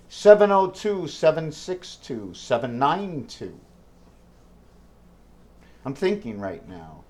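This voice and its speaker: A man's voice: a little high, a little mellow. Rambling man thinking aloud. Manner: free-associating, jumps between numbers and wordplay; thinks aloud with many fillers and self-questions. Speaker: vlogger. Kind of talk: rambling solo vlog monologue.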